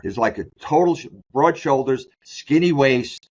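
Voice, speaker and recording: This is a man in a candid interview, speaking as a sport psychologist. He rambles from point to point, restarts his sentences and slows down to stress the words that matter. His voice sits at a middle pitch, and the recording sounds dull and lo-fi.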